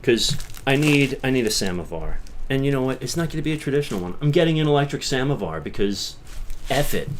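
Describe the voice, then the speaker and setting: Animated Long Island man. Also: mid-range voice, fast talker, a little hiss or hum. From Long Island, New York. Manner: animated, rambling, swings from mutters to loud bursts. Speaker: livestream host. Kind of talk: casual livestream chat.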